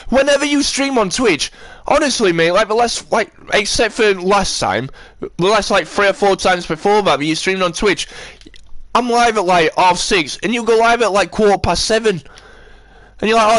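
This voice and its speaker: A man's voice: high-pitched, lively intonation, normal speed, a bit bright, no echo. A man chatting on a live stream, rambling and ranting as he answers his chat.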